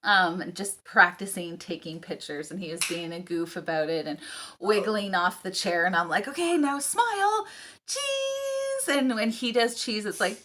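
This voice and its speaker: A woman's voice: fairly low pitch, moderate pace, pushed and bright. A woman in her thirties, a homeschooling mom, chatting casually to camera in a rambling way with ums and laughing asides.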